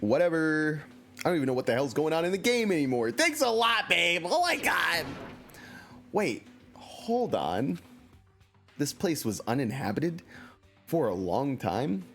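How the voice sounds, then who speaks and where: A man's voice: on the high side, sing-song, a little slow, pauses often, faint music behind. A man giving casual, joking commentary while streaming a story game and reading chat aloud, into a computer mic at home.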